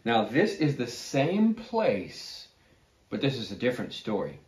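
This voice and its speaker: A man's voice: mid-range voice, wildly swooping pitch, measured pace, a little mellow. A man teaching a children's Bible class, telling a story and asking his listeners questions. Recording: echoey room.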